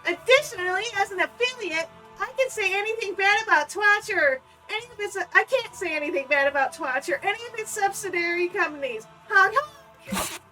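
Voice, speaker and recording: A woman doing a loud, honking goofy clown. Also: very high-pitched, expressive, fairly quick, hardly any pauses, faint music behind, voice pushed up, heavily acted, poor audio. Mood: gleeful.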